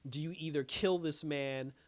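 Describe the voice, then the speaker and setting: A young man giving a casual, animated review on his own channel, laughing often and restarting his sentences. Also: a little high, normal speed. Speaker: YouTube reviewer.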